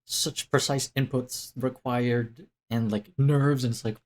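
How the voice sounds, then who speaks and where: Young dude rambling on camera, um and like everywhere, mid pitch, keeps restarting himself. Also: male voice, steady tone, takes it slowly, a little mellow. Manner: rambling, self-interrupting, many fillers and restarts. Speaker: vlogger. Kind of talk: casual rambling life update.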